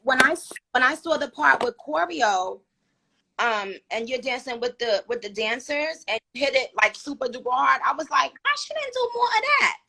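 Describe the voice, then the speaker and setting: A high-pitched, gravelly voice with a breathy edge belongs to a New York woman hosting a live stream at normal speed. She's animated and talkative, leaning heavily on fillers.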